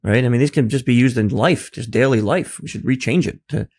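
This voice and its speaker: A man of middle pitch hosting a conversational podcast. He jokes around, acts out little quotes and laughs often between points. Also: brisk, husky. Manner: jokey, animated, laughs often. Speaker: podcast host.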